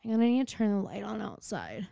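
A woman co-hosting a podcast in casual chat, animated and profane, breaking into mocking impressions. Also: medium pitch, quick pace, vocal fry, no echo, studio quality. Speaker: podcast co-host.

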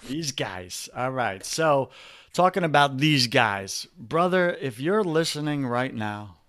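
A man's voice: medium pitch, a bit bright, clear, resonant tone, no echo, clean studio sound. A man with a New York accent, a guest on a podcast interview, coaching listeners in an emphatic, preachy way and calling them brother.

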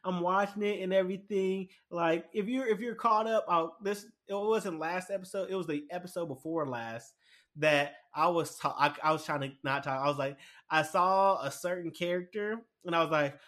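A man chatting casually and excitedly about a show, rambling with lots of fillers and restarts. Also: high-pitched, moderate pace. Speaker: anime commentator. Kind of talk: casual chat.

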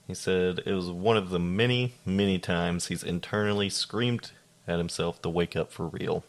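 Very deep-voiced young man reading stories. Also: normal speed. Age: young adult. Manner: deadpan, swears casually, laughs while reading. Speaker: podcast co-host reading listener stories. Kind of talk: casual podcast chat.

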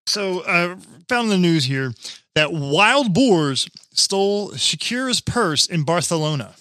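A man's voice: high voice, big pitch swings, measured pace, sharp tone, no room sound, studio quality. A man co-hosting a casual comedy chat, swearing freely and joking crudely while reading out news stories. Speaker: podcast co-host.

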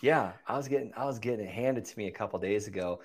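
Man, low voice, podcast guest, animated storyteller, casual, acts out callers. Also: fast, husky. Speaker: land investor guest.

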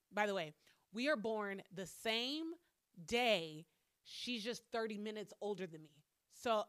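A woman with a bright, sharp-edged voice tells a story from her past to her viewers. She chats casually and swears freely. Now and then she bursts into loud exclamations. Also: medium pitch, dry recording, clean studio sound. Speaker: vlogger.

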